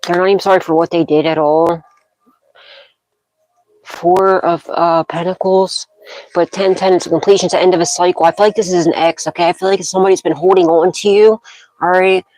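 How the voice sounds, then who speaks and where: A woman's voice: fairly low pitch, fairly even intonation, brisk, a little mellow, low-quality recording. A woman doing a tarot card reading, rambling from card to card and checking in with "okay?" as she makes dramatic intuitive pronouncements. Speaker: tarot reader.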